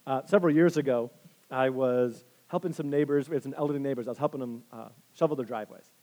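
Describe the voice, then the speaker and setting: A man preaching a sermon, telling personal stories with lively, self-deprecating humor and frequent restarts. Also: medium pitch, quick pace, a little hiss or hum. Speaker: pastor.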